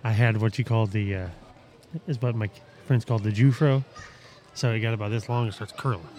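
A man's voice: lowish voice, fairly even intonation, brisk, darkish tone. A middle-aged man on a podcast, chatting casually and poking fun at himself. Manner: self-mocking. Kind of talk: casual chat.

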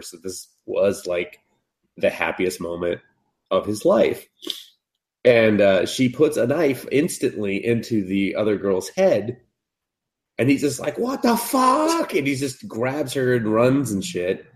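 A man casually recapping an anime on a podcast, swearing freely and jumping into high voices when he quotes the characters. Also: unhurried. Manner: profane, animated retelling, jumps into high voices for characters. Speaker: podcast co-host.

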